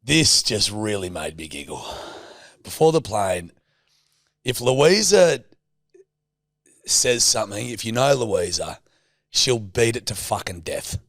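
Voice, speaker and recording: A man teases and swears his way through a casual podcast story. His voice is gravelly, with wildly swinging pitch. It sounds dry and close to the mic. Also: very animated, slow pace, pauses often, fairly bright tone, dry recording. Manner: teasing, laughs often, swears freely. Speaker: podcast co-host.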